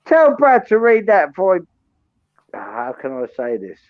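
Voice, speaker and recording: A British man, a tipsy, sweary live stream co-host, talking loud and ranting in a boozy late-night chat. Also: high voice, huge pitch swings, measured pace, dry recording, muffled recording.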